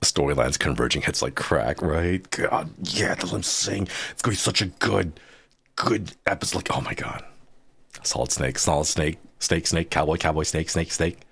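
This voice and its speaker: A man streaming a story game live, chatting excitedly with his viewers and reacting to the plot. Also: a bass voice, normal speed, vocal fry, slightly rough. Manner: excitable and chatty, talks to chat while reading game lines.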